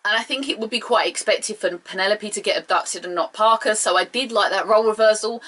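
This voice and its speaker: A woman's voice: mid-range voice, bright, forceful tone. A young woman, chatting casually and with strong opinions as she reviews a show for her viewers. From England. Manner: chatty, opinionated, rambling asides. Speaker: video reviewer.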